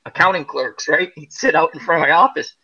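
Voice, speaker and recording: A middle-aged man with a breathy-edged, somewhat high voice hosts a casual group chat at a brisk pace, spinning animated stories and acting out the people in them. The recording's highs are cut off.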